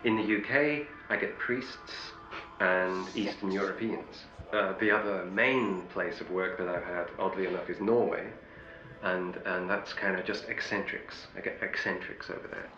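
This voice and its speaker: A man's voice: sits low, steady tone, normal speed, bright, forceful tone, roomy sound, highs cut off, faint music behind. A middle-aged male actor telling wry anecdotes in an interview, often restarting his sentences. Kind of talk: interview storytelling.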